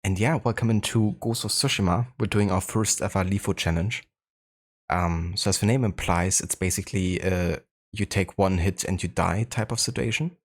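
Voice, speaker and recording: A German-accented man hosting a live game stream, his voice sitting very low and deep. He talks in a relaxed, easygoing way, greeting viewers and thinking aloud with plenty of small fillers. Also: normal speed. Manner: laid-back, chatty, greets viewers, frequent fillers. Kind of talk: casual live-stream chat.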